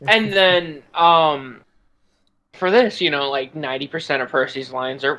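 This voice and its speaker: A man chatting casually on a group call about voicing characters, laughing between stories. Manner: slow, lively pitch, laughs between stories. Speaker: voice actor and series creator.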